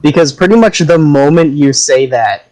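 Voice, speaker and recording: A man's voice: on the high side, normal speed, darkish tone, rough recording. A man running a tabletop game as game master, narrating with wry, descriptive asides over online voice chat.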